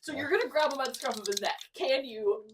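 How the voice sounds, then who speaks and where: A woman's voice: high-pitched, quick pace, distant mic, noisy background. A woman running a tabletop role-playing game as game master, chatty and full of fillers. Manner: chatty, lots of fillers and laughter.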